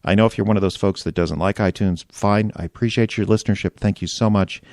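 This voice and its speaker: A male podcast host talks casually with a relaxed, self-deprecating manner. His voice sits a little low, and the recording is close and dry. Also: fast talker, no room sound.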